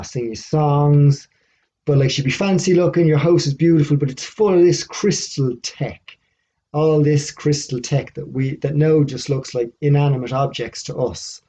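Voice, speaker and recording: A man's voice: medium pitch, mellow. Rambling man musing aloud. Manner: rambling, full of musing questions and fillers. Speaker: video host. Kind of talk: casual speculative monologue. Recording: dull lo-fi recording.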